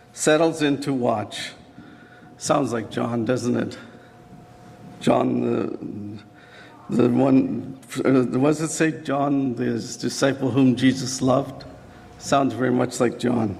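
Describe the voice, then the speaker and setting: A man's voice: medium pitch, gravelly, darkish tone. A man preaching a sermon, telling a dramatic story in an earnest, vivid way. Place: church sanctuary. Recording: long church reverb.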